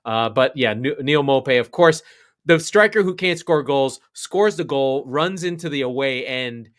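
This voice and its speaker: A man's voice: medium pitch, measured pace. A man co-hosting a casual football podcast, swearing freely and laughing as he talks through match results. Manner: animated, laughing, swears a lot, acts out quotes. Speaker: podcast co-host. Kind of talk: casual sports podcast chat.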